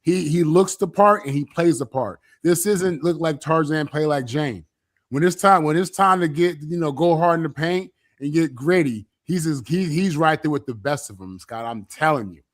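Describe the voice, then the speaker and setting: Man, sports panelist, fairly high voice, forceful, repeats himself. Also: moderate pace. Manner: forceful, repeating his point. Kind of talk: sports talk show.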